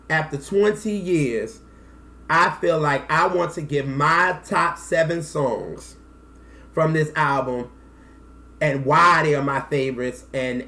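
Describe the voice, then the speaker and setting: A man in his thirties telling a personal story to camera in a casual, animated way, acting out quotes and close to tears. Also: mid-range voice. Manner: animated, acts out quotes, slangy. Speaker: music vlogger.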